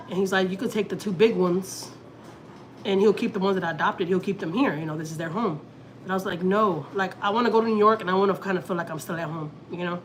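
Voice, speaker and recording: A woman's voice: mid-range voice, background noise. A woman from Texas talking casually as a family vlogger, rambling and emotional, with lots of restarts and fillers. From Houston, Texas. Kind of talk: casual personal chat.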